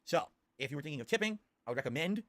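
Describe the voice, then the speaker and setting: Excitable foul-mouthed male streamer. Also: on the high side, racing, no echo. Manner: crude, swearing, excitable, bursts into loud laughter. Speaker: live-stream host reacting to old ads. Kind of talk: casual live-stream commentary.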